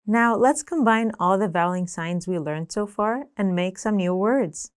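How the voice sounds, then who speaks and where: A woman giving a scripted language lesson, speaking clearly and deliberately, slowing down to say example words. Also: mid-range voice, expressive. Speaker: language teacher.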